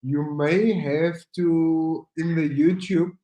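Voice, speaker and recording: A man's voice: a little high, fairly even intonation, takes it slowly, mellow, dull audio. A man with a South African accent, co-hosting an online maths workshop, explaining a settings fix to viewers. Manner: teasing, then plainly explaining. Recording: roomy echo.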